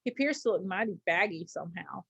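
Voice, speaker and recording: A woman's voice: fairly low pitch, lively intonation, fairly quick, gravelly, a bit bright, slightly rough, dry recording, exaggerated voice. A sly, boastful frontier gambler talks in a drawling folksy way, as a woman reads him aloud from a storybook. The sound is dry and a little muffled, with no room around it.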